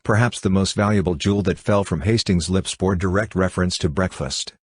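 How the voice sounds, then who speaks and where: Deep, husky-voiced male audiobook narrator. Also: a little fast, no room sound, studio quality. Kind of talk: scripted narration.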